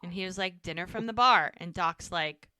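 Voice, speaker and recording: A woman's voice: lowish voice, normal speed, bright, forceful tone, clear, resonant tone, dry recording. A woman co-hosting a podcast, retelling scenes in a casual chat and acting out the characters' lines. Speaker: podcast co-host recapping episodes.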